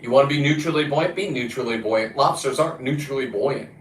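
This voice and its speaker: A man's voice: medium pitch, brisk, slight background noise. A man talking in a casual, rambling monologue about diving and fishing, blunt and profane, often restarting his sentences. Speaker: diver and fishing vlogger. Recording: roomy echo.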